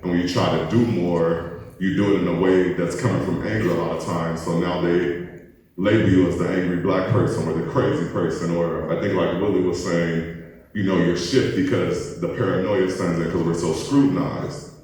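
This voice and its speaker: A man's voice: low voice, steady tone, normal speed, a little mellow, far from the mic. A man on a panel at a community forum, speaking earnestly and encouragingly. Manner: earnest, motivational. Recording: echoey hall recording from afar.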